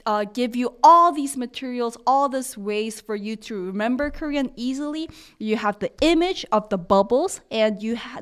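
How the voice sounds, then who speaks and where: A young woman leads a live-streamed language lesson, chatty and encouraging as she answers viewers' comments. Her voice sits a little high and sounds smooth and clear. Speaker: Korean language teacher.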